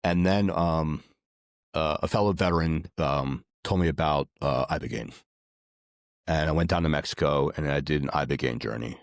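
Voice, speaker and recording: A man's voice: a bass voice, normal speed, no room sound, studio quality. A man guest in a casual conversation, earnest and rambling, with many fillers and restarts. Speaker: podcast guest.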